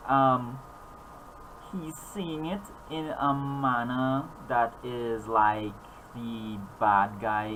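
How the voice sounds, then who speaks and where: Male game master, loose rambling narration, mid pitch, faint background noise. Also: fairly bright tone, low-quality recording. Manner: rambling, many fillers and restarts.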